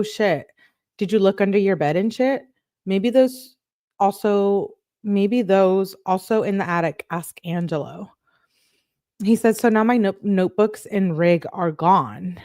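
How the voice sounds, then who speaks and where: A woman reading text messages aloud as a true crime YouTuber, quickly, with sarcastic asides. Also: mid-range voice, a little mellow, dry recording, studio quality. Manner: quick, sarcastic asides between read-out texts.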